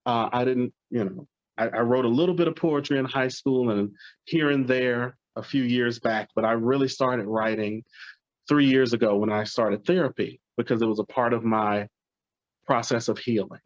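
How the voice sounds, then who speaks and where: A man's voice: mid-range voice, moderate pace, no room sound. A man from Alabama, a poet, speaking earnestly and gratefully to his audience before reading his poems. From Alabama, USA. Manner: earnest, heartfelt, softly grateful. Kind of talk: spoken remarks at a live poetry reading. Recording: dry, slightly muffled lo-fi recording.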